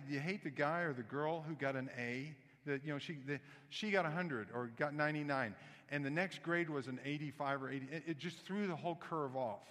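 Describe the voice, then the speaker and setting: A man pastor preaching a sermon in a church, an animated storyteller who slips into voiced asides. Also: high-pitched, long reverb tail.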